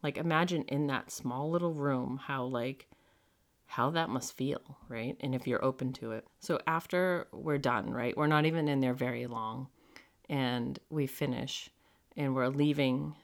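Chatty podcast host telling a story. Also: mid-range voice. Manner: chatty, heavy use of "like" fillers; frank and animated, with some swearing. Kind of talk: casual personal storytelling.

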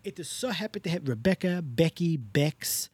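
A man's voice: fairly high pitch, lively intonation, normal speed, breathy edge, no echo. A man on a podcast putting on a comic voice as a doting, effusive Italian-American greeter who talks in an over-the-top welcoming way. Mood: gushing. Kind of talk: comic character bit on a podcast.

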